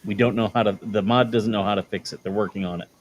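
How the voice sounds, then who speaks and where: A man's voice: on the low side, fairly even intonation, fast talker, slight background noise. A man co-hosting a livestream, speaking plainly to viewers in casual chat. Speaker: livestream co-host.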